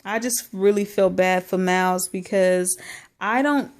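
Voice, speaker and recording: A woman's voice: mid-range voice, measured pace. A woman recapping a reality show in a casual, slangy vlog, with many fillers. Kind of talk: casual chat.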